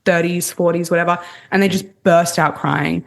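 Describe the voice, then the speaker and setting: A woman dating coach talks a podcast host through a grounding exercise with a fairly low voice. Her delivery is calm and explanatory, and she lays out each step plainly. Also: moderate pace, vocal fry. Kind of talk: casual podcast interview.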